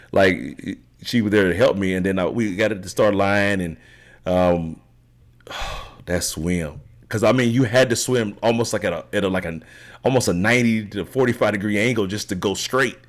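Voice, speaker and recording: Brief: very deep man, middle-aged, loose rambling storyteller, tags lines with "right?". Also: moderate pace. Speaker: podcast guest, triathlete. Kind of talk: casual storytelling interview.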